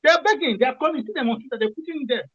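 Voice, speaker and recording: A man's voice: extremely high pitch, very fast, no echo, lo-fi sound. A Nigerian man calling in to a radio discussion, impassioned and repeating himself, restarting phrases as he argues. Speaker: caller.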